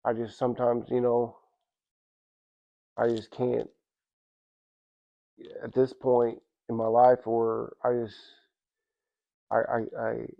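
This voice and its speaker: A man giving a casual personal testimony at church, telling it in a halting, rambling way with many restarts and "you know what I'm saying.". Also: medium pitch, monotone, gravelly, dull audio.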